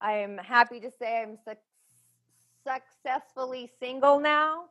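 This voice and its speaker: A woman with a slightly raised pitch, speaking as a guest medium on a podcast. She talks in a chatty, emphatic and frank way, piling up loose phrases as she goes. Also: unhurried, fairly bright tone. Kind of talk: casual interview talk.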